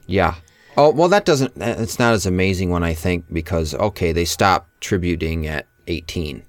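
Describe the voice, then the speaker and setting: Lower-voiced man chatting about a movie. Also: lively intonation, moderate pace, no echo. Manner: chatty, chiming in with comments. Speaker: podcast co-host. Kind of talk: casual movie recap chat.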